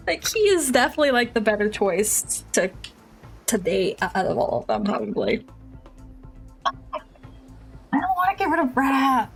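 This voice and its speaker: A woman's voice: on the high side, wildly swooping pitch, moderate pace, long pauses, soft background music, rough recording. A woman streaming a dating game, chatting casually, playful and dramatically whiny, mocking herself. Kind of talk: casual live-stream gameplay commentary.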